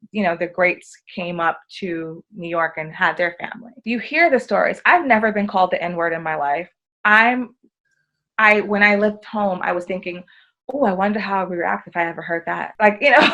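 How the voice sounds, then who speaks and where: The lo-fi clip features a medium-pitched woman from the US appearing as a podcast guest. She chats casually and animatedly through her stories, performing the dialogue she quotes.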